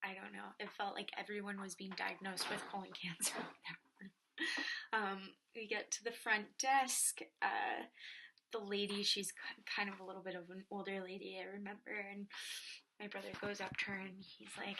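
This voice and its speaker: A young woman telling a personal story in a soft, often whispery voice, with many filler words. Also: mid-range voice, flat delivery, moderate pace, creaky, noisy background. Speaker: vlogger.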